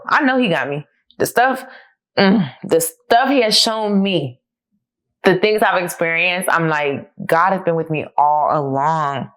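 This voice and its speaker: Woman podcast host, low register, candid solo talk. Casual and heartfelt as she reflects on journal entries, emotional and near tears. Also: a bit bright. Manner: candid and conversational, addressing listeners as y'all; emotional, close to tears, with laughs.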